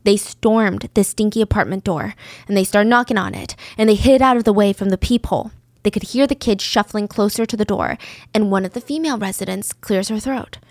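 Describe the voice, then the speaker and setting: A woman's voice: medium pitch, brisk, dry recording, clean studio sound. A woman narrating a true crime story in a casual, chatty way, with conversational asides.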